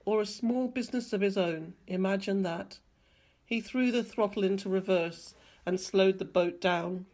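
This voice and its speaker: A woman reading a novel excerpt aloud with expressive narration. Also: mid-range voice, normal speed. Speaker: reader. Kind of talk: audiobook reading.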